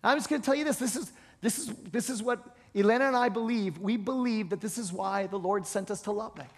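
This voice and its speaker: This high-pitched, brisk male voice belongs to a pastor preaching in an echoing hall. His delivery is emphatic and repetitive, with words often restarted as he hammers a point.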